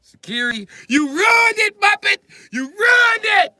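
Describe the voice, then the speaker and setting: A livid British man berating game makers at the top of his lungs, as a man puts him on. The voice jumps high and bright, yelling the same scolding again and again. It sounds close and dry. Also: big pitch swings, measured pace, dry recording, full character voice. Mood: furious ranting. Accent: British, put on. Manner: shouting, scolding, repeats insults.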